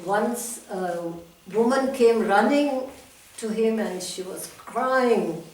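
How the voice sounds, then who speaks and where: A woman's voice: a little high, takes it slowly, darkish tone. An older woman giving a talk, telling a personal story from memory, with many restarts and small laughs. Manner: reminiscing, with frequent restarts and laughs. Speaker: guest speaker. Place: talk venue hall. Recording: echoey hall from far off.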